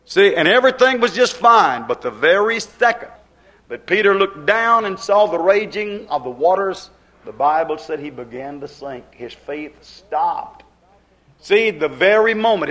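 A middle-aged man preaching a sermon with fervent, rhythmic delivery, swinging between loud emphasis and hushed asides. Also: high-pitched.

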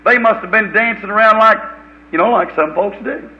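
Folksy preacher on an old recording. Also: male voice, a little fast, muffled recording. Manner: folksy, swings from loud preaching to low muttered asides. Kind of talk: fiery revival sermon.

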